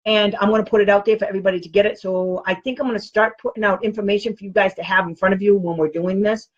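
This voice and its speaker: Woman, casual live-streamer, mid pitch, chatty and direct, muffled lo-fi audio. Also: fairly even intonation, fast talker. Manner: chatty, rambling, direct advice to parents. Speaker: special education advocate.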